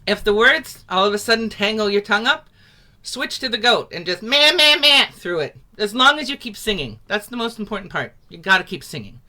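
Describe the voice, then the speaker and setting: A woman's voice: medium pitch, animated, brisk, bright, forceful tone. A woman teaching a folk song in an encouraging, patient and playful way. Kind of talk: leading a sing-along lesson.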